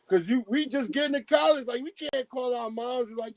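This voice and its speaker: A young man from Long Island, New York, with a high voice for a man, tells a story in casual chat and acts out every voice in it. His talk is loose and full of slang. The sound is dry and close, with little room in it. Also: expressive, normal speed, a little mellow, dry recording, rough recording. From Hempstead, Long Island, New York. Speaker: storyteller guest.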